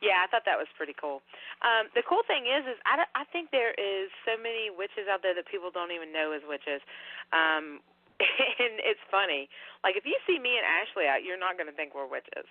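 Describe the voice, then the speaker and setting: A woman's voice: mid-range voice, expressive, moderate pace, dry recording. A woman guest talking in a casual, rambling and earnest way, full of fillers. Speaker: guest, paranormal researcher. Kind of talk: casual podcast conversation. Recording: tinny phone-like line.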